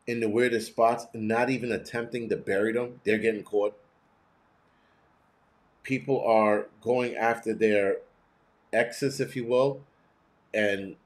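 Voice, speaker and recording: A man hosting a casual live commentary, blunt and profane, rambling with many restarts. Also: lowish voice. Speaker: host.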